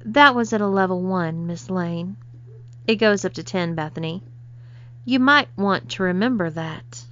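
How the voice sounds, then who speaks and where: A woman's voice: fairly low pitch, measured pace, a bit bright. A woman reading a story, voicing a cool, professional young female assistant who speaks matter-of-factly. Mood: dry. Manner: dry, matter-of-fact. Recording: slightly dull lo-fi recording.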